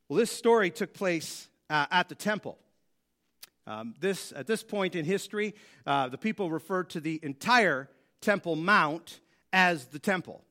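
A man's voice: sits high, animated, unhurried, pushed and bright. A man teaching a Bible lesson in a conversational way, with dry sarcastic asides. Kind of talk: Bible teaching with scripture reading.

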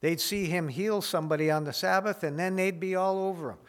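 A man's voice: high voice, brisk, hardly any pauses. A man preaching a sermon in a conversational teaching manner, retelling scripture in everyday words. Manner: conversational teaching, with small restarts and paraphrased quotes.

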